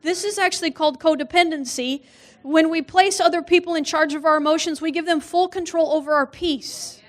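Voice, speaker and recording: High-voiced woman preaching with humor. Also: steady tone, fairly quick. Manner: humorous storytelling, acts out quoted voices, laughs often. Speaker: guest speaker. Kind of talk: sermon with personal stories. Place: church.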